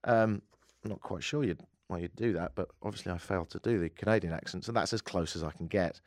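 Male podcast host, playful joker, dry close mic, mid pitch. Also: fast talker, dry recording. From Britain. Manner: joking, slips into silly put-on voices. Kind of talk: casual chat.

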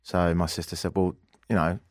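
A man hosting a radio talk show, telling a story in a casual, animated way and acting out the people in it. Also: deep voice, brisk, dry recording, clean studio sound. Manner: animated storyteller, acts out quoted voices. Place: radio studio.

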